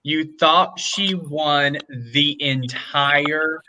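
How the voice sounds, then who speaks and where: A man in casual chat, fondly reminiscing about a pageant moment and slowing down on key words. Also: a little high, fairly even intonation, noisy background.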